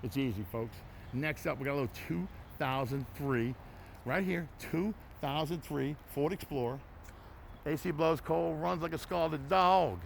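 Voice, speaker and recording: A man, running a folksy, loud, hard-selling walkthrough of his used car lot outdoors. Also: on the high side, unhurried, vocal fry, a little hiss or hum. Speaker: used car dealership owner.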